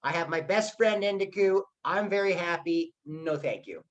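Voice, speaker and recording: A man's voice: high-pitched, moderate pace, dull audio, lightly acted. A man voicing a boastful, strong young king in a retold myth, offhand and casual.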